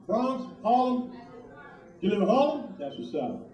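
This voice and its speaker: A man doing a stand-up comedy set in a club, profane and animated, talking with the crowd. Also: sits high, a little slow. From Puerto Rico heritage, New York. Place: comedy club, live audience. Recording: echoey club from far off.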